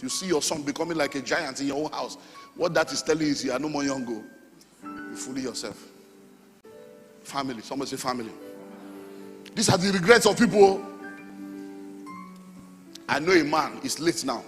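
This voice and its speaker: A middle-aged Nigerian man preaching a sermon as pastor, animated, with sudden shouts and sung phrases. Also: fairly high pitch, normal speed, pauses often. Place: church hall. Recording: long hall reverb, faint music.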